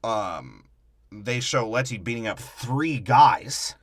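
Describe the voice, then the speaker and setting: A man's voice: mid-range voice, expressive, slow pace, dry recording. A man co-hosting a casual podcast, recapping a movie plot with swearing, laughs and mocking asides. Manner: profane, laughing, recaps plot with mock impressions. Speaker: podcast co-host. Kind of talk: casual movie breakdown chat.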